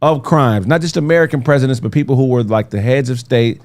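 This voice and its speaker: A man's voice: mid-range voice, fast talker, darkish tone. A man hosting a casual podcast, talking loosely and joking as he reads out facts. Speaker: podcast host. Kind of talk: casual chat.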